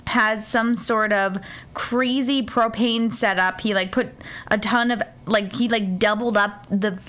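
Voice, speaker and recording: A young woman chatting casually, rambling with lots of "like" fillers and acting out characters' lines in quick put-on voices. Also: mid-range voice, fairly even intonation, a bit bright. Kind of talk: casual chat recapping a TV episode.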